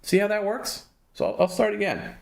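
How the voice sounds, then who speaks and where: A man's voice: high-pitched, big pitch swings, moderate pace, gravelly. Dry, needling male stream host. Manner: dry, needling, patient explaining. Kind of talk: livestream banter.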